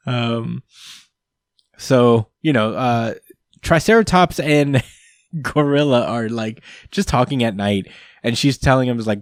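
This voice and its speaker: A man's voice: medium pitch, lively intonation, takes it slowly, no room sound, clean studio sound. A man casually recapping a comic chapter on a podcast, rambling with lots of ums and uhs and frequent laughter. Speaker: podcast host. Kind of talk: casual manga recap chat.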